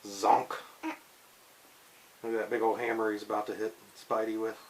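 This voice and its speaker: A man's voice: on the low side, little pitch movement, a little slow, rough recording. A man casually reading a comic book aloud to his daughters, playful and chatty. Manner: playful, slips into goofy character voices. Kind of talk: casual read-aloud with commentary.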